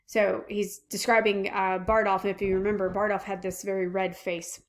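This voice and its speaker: A woman teacher reading a play aloud and pausing to explain it in plain words, with small fillers. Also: mid-range voice, level tone.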